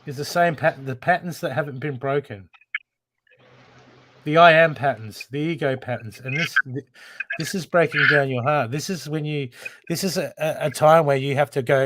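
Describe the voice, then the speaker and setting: A man's voice: fairly high pitch, normal speed. Male host for a spiritual reading show. He is blunt, repetitive and drops the odd swear, with a noisy background. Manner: emphatic, repetitive, casually swearing. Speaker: intuitive card reader and show host. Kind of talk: live spiritual card reading. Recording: steady background noise.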